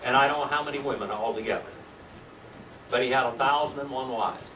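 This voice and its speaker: Older guy teaching sunday school, keeps asking the class stuff, far off mic in a boomy room. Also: fairly quick, pushed and bright. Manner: folksy, quizzing the class with tag questions. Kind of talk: Bible class teaching with questions to the class. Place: church classroom. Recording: echoey room recorded from afar, faint hiss.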